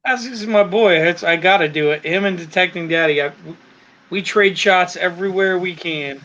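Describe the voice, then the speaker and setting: A channel host from Alabama who nonetheless has a Northeastern US accent runs a casual chat, trading teasing, joking jabs. His voice is high, bright, and forceful at normal speed, heard through muffled, lo-fi audio.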